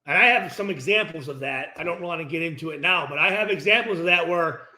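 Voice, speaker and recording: A man's voice: fairly high pitch, fast, hardly any pauses. A middle-aged man hosting a post-game reaction, ranting casually and profanely and acting out the dialogue himself. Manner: profane, animated, acts out dialogue. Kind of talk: casual unscripted rant. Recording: roomy echo.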